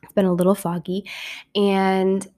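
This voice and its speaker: A young adult woman hosting a casual solo podcast, hoarse and raspy from a cold, chatty and joking at her own expense. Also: medium pitch, little pitch movement, measured pace, warm tone. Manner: chatty, self-mocking, upbeat. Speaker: podcast host.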